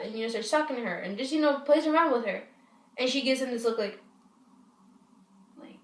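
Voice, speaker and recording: A woman with a fairly high voice rambles through a storytime full of swearing and false starts. She sits back from the mic, so her voice carries a roomy echo. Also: fairly quick, recorded from a distance. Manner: rambling, profane, many restarts. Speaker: vlogger. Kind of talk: casual storytime. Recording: echoey room, voice off-mic.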